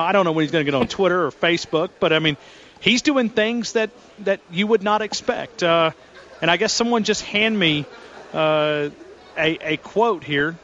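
A man's voice: high voice, a bit bright, dull audio. A man calling into a sports radio show as a reporter, chatty and rambling with frequent restarts.

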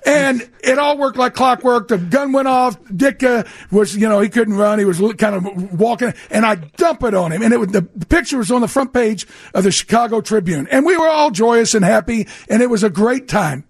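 Older male ex-player co-host, husky high voice, dry studio mic, animated storyteller. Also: normal speed, no room sound. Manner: animated storyteller, acts out quoted voices, restarts often. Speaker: radio co-host and former pro football player. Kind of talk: casual sports radio storytelling. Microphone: studio microphone.

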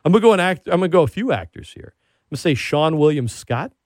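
A man hosting a radio show, chatting casually and telling stories with animated excitement. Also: on the high side, fast talker, no room sound, clean studio sound. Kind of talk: casual chat.

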